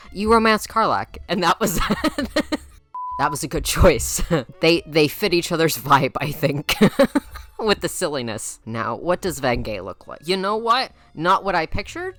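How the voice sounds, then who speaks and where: A woman's voice: low voice, fairly bright tone. A young woman with a Midwestern accent doing playful, teasing roast commentary as a YouTuber, laughing often. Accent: Midwestern American.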